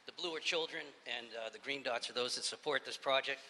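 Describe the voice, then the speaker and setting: A man's voice: medium pitch, brisk, pushed and bright, slight background noise. A man giving public comment as a local resident, indignant and conversational, retelling what neighbors told him. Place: council chamber. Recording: echoey hall with faint ambience.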